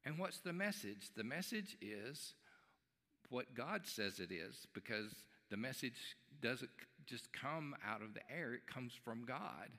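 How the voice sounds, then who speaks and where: A man preaching a sermon in a church sanctuary, his bright and forceful voice carrying a long, lingering reverb. He tells folksy stories and slips into acted voices for the people in them. The recording is a live service stream. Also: mid-range voice, expressive, measured pace. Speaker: pastor.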